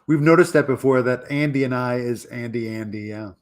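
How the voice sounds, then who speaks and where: A man's voice: medium pitch, brisk. Hesitant man in casual chat. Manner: hesitant, repeats words while searching for them.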